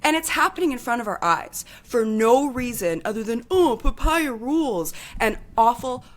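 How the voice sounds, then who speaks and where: A woman's voice: fairly high pitch, expressive, moderate pace. A woman co-hosting a podcast in casual chat, talking with heated, impassioned energy and swearing freely. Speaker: podcast co-host.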